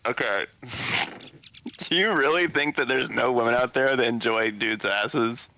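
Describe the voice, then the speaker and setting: A young man co-hosting a gaming stream, trading crude, deadpan teasing jokes in casual banter. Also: mid-range voice, measured pace, gravelly, rough recording. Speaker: streamer co-host.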